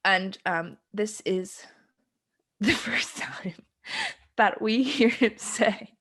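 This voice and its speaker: A young woman co-hosting a podcast, her voice sitting at an ordinary middle pitch. She talks in a loose, rambling way, filling gaps with ums and breaking into giggles as she recaps scenes. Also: drawn-out words, a bit bright, breathy edge. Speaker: podcast co-host. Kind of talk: casual chat.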